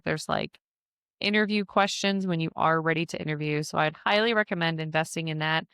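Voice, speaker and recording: A woman's voice: low-pitched, gravelly, a bit bright, smooth, no echo, clean studio sound. A woman hosting a casual business-advice podcast, chatty with frequent fillers and self-deprecating asides. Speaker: podcast host and business mentor.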